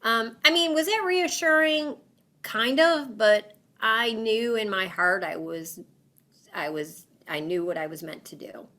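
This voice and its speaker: Bright, animated woman telling her story. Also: fairly high pitch, a little slow. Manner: animated, lots of fillers, acts out quoted voices. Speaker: guest. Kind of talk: storytelling in an interview.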